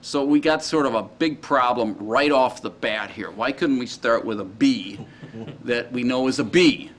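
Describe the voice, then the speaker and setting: A man teaching a class in a casual, halting way, often checking in with his students. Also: medium pitch, slight background noise. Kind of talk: classroom lecture.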